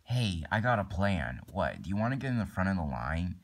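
Young male performer, lowish voice, rambling improvised toy-skit delivery full of fillers and restarts. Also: very animated, a little fast. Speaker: plush toy video maker.

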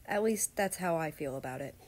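Give me a woman playing a reserved young male guard, formal and even, in a lowish voice. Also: brisk. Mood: reflective.

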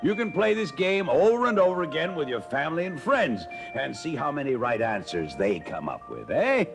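An actor playing a jolly old Santa Claus who hosts a toy-guessing game for children, with hearty chuckles and a coaxing manner, in a 1950s children's record. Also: male voice, fairly high pitch, creaky, a bit bright, full character voice. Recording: old mono LP with music behind. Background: music.

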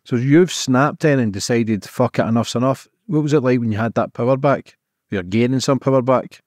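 Host: man, mid pitch, short prompting questions, dry close sound. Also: moderate pace, darkish tone, no echo. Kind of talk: interviewing.

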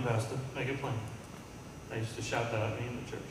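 A man's voice: medium pitch, flat delivery, fairly quick, background noise. Preaching man in an echoey hall. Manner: preaching with call-and-response to the congregation. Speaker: pastor. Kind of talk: sermon. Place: church sanctuary. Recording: echoey hall, mic at a distance.

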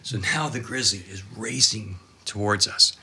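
Bright-voiced man spinning dramatic tales. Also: fairly low pitch, unhurried. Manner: excitable, dramatic storyteller with exclamations and laughs. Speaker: cameraman guest telling stories. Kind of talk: animated anecdote telling.

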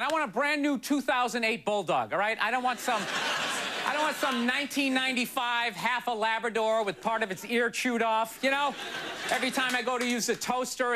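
A man doing a stand-up comedy set on a television studio stage, ranting in an exasperated, rambling way with lots of "you know" asides. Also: very high-pitched. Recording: broadcast stand-up with loud audience laughter and noise.

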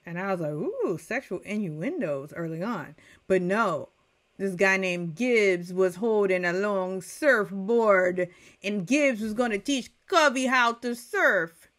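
A woman's voice: medium pitch, takes it slowly. Chatty middle-aged woman ranting. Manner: chatty, animated, addresses viewers directly. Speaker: TV recap reviewer. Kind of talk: casual rant.

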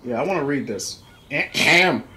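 This let's play host speaks at normal speed in a slightly high, sing-song male voice, captured in a rough recording. He keeps up a chatty commentary, reading on-screen text aloud and remarking on small details.

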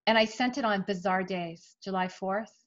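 A woman's voice: medium pitch, normal speed. Chatty middle-aged woman, lo-fi audio. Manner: chatty, animated, emotional at times. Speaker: author guest. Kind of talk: casual interview storytelling.

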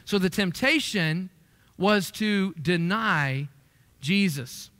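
A man's high, animated voice, slow yet pushed and bright, carries a conversational sermon through an echoey church sanctuary. He lifts his voice to emphasize the verses he quotes.

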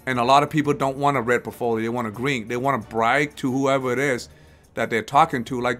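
A man's voice: mid-range voice, fairly even intonation, a little fast, fairly bright tone, faint music behind. Rambling man hosting a live stream. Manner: rambling, repeats and restarts phrases, acts out quoted people. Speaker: host of a live investing show. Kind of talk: casual live-stream talk.

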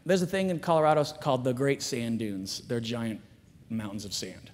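A man in his forties giving an animated chapel sermon to students, swinging between loud emphatic lines and hushed asides. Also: mid-range voice, moderate pace, slight background noise. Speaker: guest chapel speaker. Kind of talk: energetic chapel sermon with storytelling. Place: school chapel, large room. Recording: long hall reverb.

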